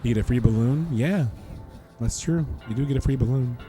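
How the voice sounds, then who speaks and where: A man of middle pitch chats and jokes his way through a game stream, calling out viewers by name. Game music plays clearly behind him. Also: fairly quick, mellow. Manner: joking, chatty, talks to chat by name. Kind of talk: casual live-stream commentary.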